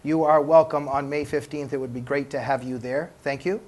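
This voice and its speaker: A man's voice: mid-range voice, fairly even intonation, a little fast, darkish tone. A man from Canada hosting a panel talk show, joking and laughing often. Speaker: host.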